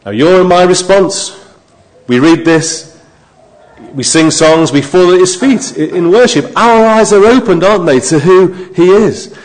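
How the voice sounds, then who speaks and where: Man preaching with rising emphasis. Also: a little slow. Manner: swings from quiet, low asides to raised emphatic appeals. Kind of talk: sermon.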